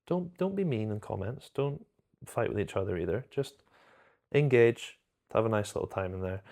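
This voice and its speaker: A man's voice: on the low side, animated, moderate pace, darkish tone. A man chatting casually and enthusiastically to camera about films, rambling and correcting himself as he goes. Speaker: film reviewer.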